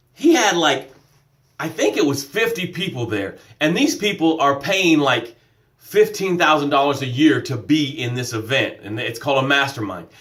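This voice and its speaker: A man's voice: mid-range voice, fairly bright tone. A man coaching on a live stream, talking energetically and repeating his points, laughing at himself now and then. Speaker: life coach. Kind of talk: live-streamed motivational talk.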